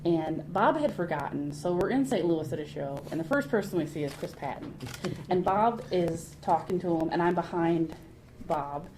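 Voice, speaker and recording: A woman telling lively rambling anecdotes in a casual podcast interview, laughing often. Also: fairly low pitch, moderate pace. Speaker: guest artist. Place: anime convention. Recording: convention crowd noise behind.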